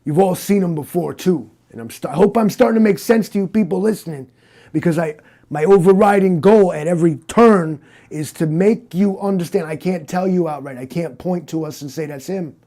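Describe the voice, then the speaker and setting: A man playing a gruff, cocky, paranoid cyborg detective in an improvised comedy interrogation, drawling and rambling. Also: high voice, fairly quick, mellow. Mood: conspiratorial. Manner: repeats the listener's name, drawling and rambling.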